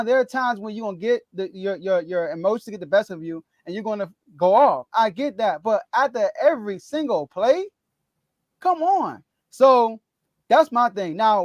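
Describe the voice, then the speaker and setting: A man's voice: high-pitched, no echo, muffled recording. A man hosting a casual sports talk podcast, laughing often and ranting with animation. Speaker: podcast host.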